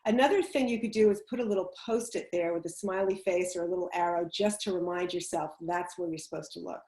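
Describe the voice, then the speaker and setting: A woman's voice: lowish voice, fairly even intonation, fast talker, a little mellow. A woman public speaking coach giving chatty, emphatic advice on a video call, laughing easily as she explains. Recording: roomy echo on a video call.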